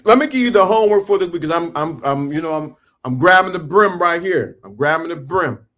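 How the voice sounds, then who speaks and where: A middle-aged man, speaking a little high, lectures his livestream viewers in an emphatic, preachy way. He talks straight to them and keeps stopping and restarting his sentences while he gets dressed. The sound is picked up on his phone or camera. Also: lively intonation, brisk, a bit bright. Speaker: livestream host. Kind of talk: casual motivational livestream talk. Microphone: phone or camera on a stand.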